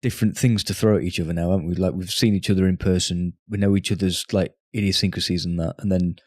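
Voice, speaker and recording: A podcast co-host with a very deep voice, trading relaxed banter with his friends. He has an easygoing delivery, and the recording is dry and close up. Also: fast talker, no room sound. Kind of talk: casual chat over drinks.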